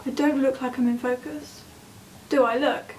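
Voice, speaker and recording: A woman's voice: high voice, moderate pace, slight background noise. Giggly young woman, airy echoey room. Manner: chatty, giggly and excitable. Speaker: makeup vlogger. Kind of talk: casual makeup vlog chat. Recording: roomy, distant mic with background music.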